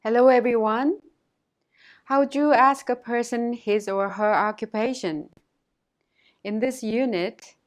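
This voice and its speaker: A woman teaching a language course in a scripted, instructional delivery, carefully modelling pronunciation and repeating words for learners. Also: a little high.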